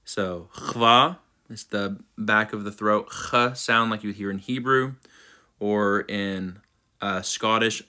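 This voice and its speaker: Slow, bright-voiced man coaching diction. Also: fairly low pitch, smooth. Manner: slow, patient, demonstrates sounds syllable by syllable. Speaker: choir diction instructor. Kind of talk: instructional diction walkthrough.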